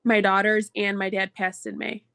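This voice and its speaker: A woman's voice: medium pitch, level tone, normal speed, creaky, pushed and bright, no echo, studio quality. A woman client in a psychic reading who laughs often and talks eagerly about her family.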